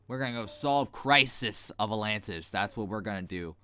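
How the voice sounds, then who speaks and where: A man's voice: fairly low pitch, fairly quick, hardly any pauses, bright, forceful tone, clean tone. A man giving blunt, rambling, sarcastic commentary while playing a game at his computer mic. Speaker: gaming video host. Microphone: desk mic while gaming.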